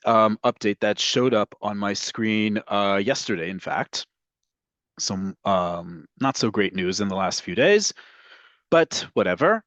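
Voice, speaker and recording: A man's voice: fairly low pitch, no echo. A man teaching an online lesson on Hebrew grammar, explaining step by step and often checking in with "right?".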